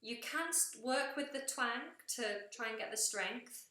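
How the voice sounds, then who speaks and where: A vocal coach with a fairly high, sharp-toned voice speaks at a measured pace while giving live singing feedback. She walks through technique and occasionally demonstrates by singing, all in a roomy, echoing space.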